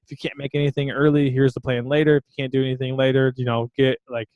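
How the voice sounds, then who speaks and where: A man's voice: medium pitch, little pitch movement, fast, dry recording, highs cut off. A man co-hosting a podcast, telling a story in a loose, laughing way with lots of fillers. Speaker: podcast co-host. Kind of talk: casual chat.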